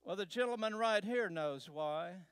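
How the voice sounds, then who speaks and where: A man from Texas, a guest speaker, telling a personal travel story to a church in a slow, unhurried way with pauses. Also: high-pitched, animated, fairly bright tone, clean tone, dry recording. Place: church sanctuary.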